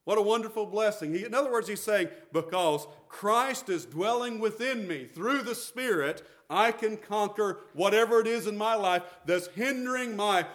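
A man's voice: high voice, fairly bright tone. A middle-aged man, preaching a sermon as pastor, emphatic and repetitive.

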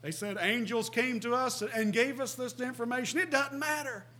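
A middle-aged man preaches with a high-pitched voice. He is earnest and emphatic, reads passages of scripture aloud and stops to ask his listeners questions. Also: steady tone, normal speed, pushed and bright. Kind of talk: sermon.

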